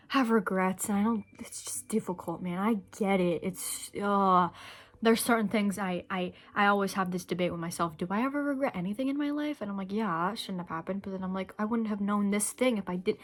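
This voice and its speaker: A young adult woman with a mid-range, somewhat bright voice delivers a heartfelt direct-to-camera vlog monologue. She rambles emotionally and earnestly, dropping casual swear words as she shares her thoughts.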